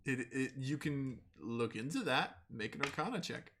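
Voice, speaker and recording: A man narrating as game master in a tabletop game, chatty and quick to laugh. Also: medium pitch, fairly bright tone, slight background noise. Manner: laughs often, loose and chatty.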